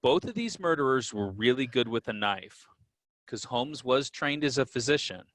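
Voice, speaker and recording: A man co-hosts a podcast in a loose, conversational way, laying out history with easy asides. His voice sits at a middling pitch. The sound is close and dry, with no room echo. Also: moderate pace. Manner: relaxed, with fillers and restarts, explaining history. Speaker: podcast co-host. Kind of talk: casual conversational storytelling.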